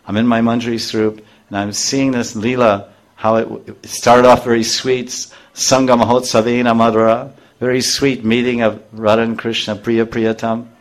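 A man's voice: medium pitch, level tone, normal speed. A middle-aged man giving a scripture class to a live group, explaining verses line by line and briefly acting out the characters' voices. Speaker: spiritual teacher.

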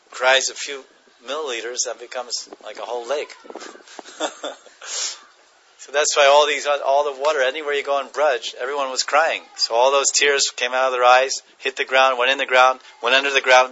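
A man's voice: medium pitch, dull audio, background noise. A man giving a devotional class, chanting verses, translating them and chuckling as he tells stories. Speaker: spiritual teacher.

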